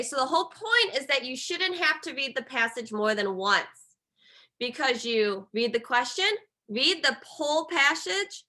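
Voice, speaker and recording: Bright-voiced woman teaching a reading class. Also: fairly high pitch. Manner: encouraging, repeats instructions, checks in with "okay?".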